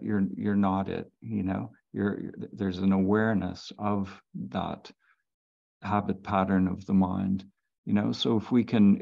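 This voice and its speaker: A man, a meditation teacher, giving halting spiritual guidance over a video call, full of fillers. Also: lowish voice, vocal fry, dull audio. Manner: slow, halting, many fillers.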